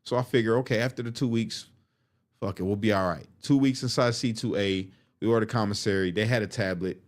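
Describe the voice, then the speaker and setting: Guy telling a wild story, low-ish voice, cussing a lot, acts out the quotes. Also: brisk. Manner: profane, animated, acts out quotes. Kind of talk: casual storytelling.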